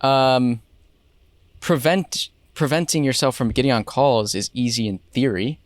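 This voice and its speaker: A man's voice: mid-range voice, unhurried, no room sound. A man co-hosting a podcast in casual chat, musing reflectively on ideas. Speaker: podcast co-host.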